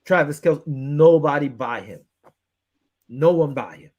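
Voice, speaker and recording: A man with a slightly high voice hosts a casual sports talk show. He rants with frustration and acts out his phone calls in quoted back-and-forth. He keeps the energy up as he picks apart the defense. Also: a little slow, dull audio. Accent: Western New York.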